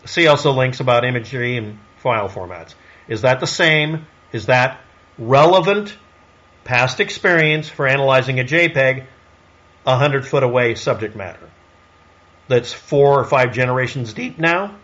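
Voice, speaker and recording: A man's voice: medium pitch, animated, moderate pace, fairly bright tone, highs cut off. A man delivering a solo commentary monologue in a snarky, sarcastic way, firing off rhetorical questions. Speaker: online commentator.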